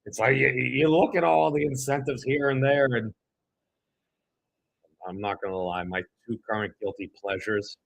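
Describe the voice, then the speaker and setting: A man's voice: medium pitch, moderate pace, gravelly. A man from New England, co-hosting a podcast and giving rambling, self-interrupting commentary while reading an article. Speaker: podcast co-host.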